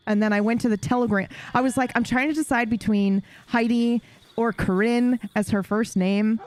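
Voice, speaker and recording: A woman's voice: medium pitch, darkish tone. Chatty, cussing woman streaming to chat. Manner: chatty and profane, laughs often. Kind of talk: casual chat to a live stream audience while playing a game.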